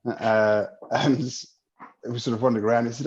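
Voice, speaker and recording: A man's voice: medium pitch, a little fast, darkish tone. A man telling friendly anecdotes in a casual video chat, laughing as he goes. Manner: anecdotal, laughs through stories. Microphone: video call. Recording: dull video call audio with faint noise.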